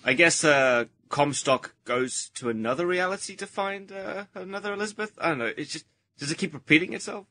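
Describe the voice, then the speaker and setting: A man's voice: a little high, brisk, bright, forceful tone, no room sound, studio quality. A man co-hosting a podcast, joking in a laid-back way and swearing casually. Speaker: podcast co-host.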